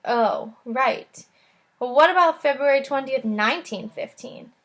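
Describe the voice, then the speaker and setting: A woman voicing a brisk, impatient, quick-witted girl of about twelve in a children's book reading. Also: high voice, expressive, a bit bright.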